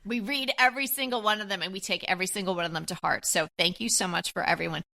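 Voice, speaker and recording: A woman's voice: medium pitch, steady tone, quick pace, vocal fry, sharp tone. A woman co-hosting a decorating podcast, chatting casually, enthusiastic and grateful to her listeners. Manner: enthusiastic, grateful, laughs easily. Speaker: podcast co-host. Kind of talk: casual chat.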